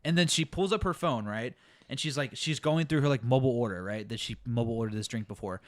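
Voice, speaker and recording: A young man co-hosting a casual podcast, telling a work story in a profane, exasperated, animated way. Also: mid-range voice, fast, no room sound. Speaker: podcast co-host.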